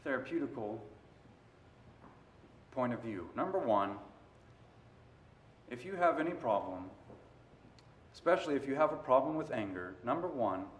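A man preaching a sermon, moving between quiet stretches and loud, emphatic passages. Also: medium pitch, expressive, moderate pace, pauses often, slight background noise. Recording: roomy echo.

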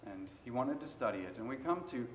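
Man, preacher, sermon, medium pitch, echoey room, swings between quiet and forceful. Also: lively intonation, a little fast, a little hiss or hum. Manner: rises and falls between quiet and loud emphasis. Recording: roomy echo.

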